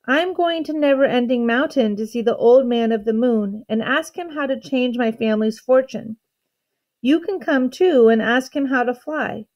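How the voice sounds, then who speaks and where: A brave, kind young girl from a storybook, asking earnest questions with open curiosity, as a woman reads her part aloud. Her voice sits a little high and eager. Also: normal speed, a little mellow, muffled recording, lightly acted. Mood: curious.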